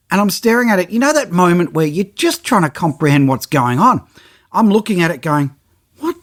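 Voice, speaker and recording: A middle-aged man hosting a podcast, telling a story with lively energy and acting out his own reactions and the quotes of others. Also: high voice. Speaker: podcast host, photographer. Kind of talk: animated storytelling.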